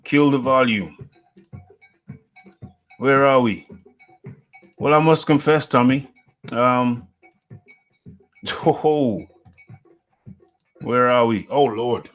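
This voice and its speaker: Slow, playful man hosting a live chat. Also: medium pitch, soft background music. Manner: playful, repetitive, chuckling, drawn-out phrasing. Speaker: live show host reading chat. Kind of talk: casual live-stream chat.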